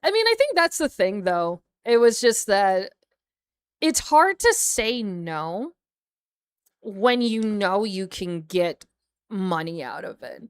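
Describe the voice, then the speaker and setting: A woman's voice: mid-range voice, very animated, slow, smooth. A young American woman chatting casually on a livestream as a VTuber, rambling with lots of fillers and frequent laughter. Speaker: VTuber streamer.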